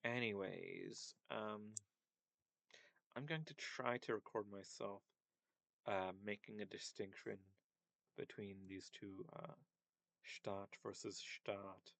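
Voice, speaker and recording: Guy explaining vowels in a casual lesson, lots of ums, kinda low voice, dry little room. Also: slow pace, creaky, pauses often, a bit bright, no echo, poor audio. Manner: hesitant, thinking aloud with many ums. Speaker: language teacher. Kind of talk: casual screen-share lesson.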